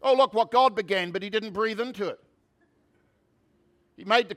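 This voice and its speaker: A man pastor preaching a sermon, shifting from conversational asides to loud, emphatic preaching. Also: high voice, normal speed.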